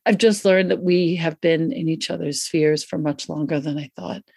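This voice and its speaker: Woman, podcast host, effusive, riffing, dry close sound, lowish voice. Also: moderate pace, vocal fry, husky, no echo. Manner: effusive, excitable, riffs casually. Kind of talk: warm podcast interview intro. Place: Santa Fe, US.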